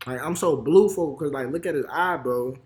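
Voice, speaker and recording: A man's voice: on the high side, moderate pace. A young man with a Chicago accent giving heated, slang-heavy reaction commentary. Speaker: reaction video host.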